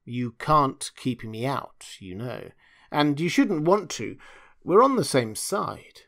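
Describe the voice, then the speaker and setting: A man voicing an angry, intense woman in an audiobook, quiet and almost hissing. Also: mid-range voice, big pitch swings, slow pace, vocal fry, pitched above the performer's own voice, exaggerated voice. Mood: insistent. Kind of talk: audiobook dialogue.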